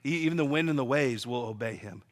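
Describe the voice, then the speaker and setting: A man's voice: mid-range voice, fast, lightly acted. A man voicing frightened, bickering fishermen disciples in a retold scripture story, anxious and pleading.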